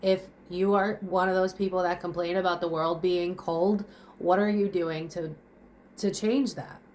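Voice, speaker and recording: A young woman talks to camera at home while crying, her voice on the low side and breathless. She is blunt and raw, swearing and hurling rhetorical questions at her listeners. A faint noise sits under the recording. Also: fairly even intonation, measured pace, a little mellow. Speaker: vlogger. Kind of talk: emotional confessional monologue. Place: home kitchen, indoors.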